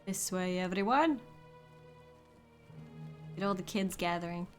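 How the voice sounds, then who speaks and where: A woman's voice: fairly low pitch, measured pace, long pauses, soft background music. A woman giving casual, upbeat commentary while streaming a game and chatting with viewers. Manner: chatty, upbeat, talks to chat.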